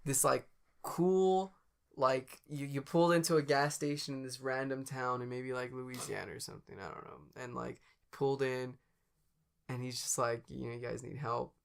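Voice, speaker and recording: A male podcast co-host with a gravelly, fry-edged voice. He rambles as he thinks aloud and pauses often to search for words. His pitch is ordinary for a man. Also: steady tone. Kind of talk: casual chat.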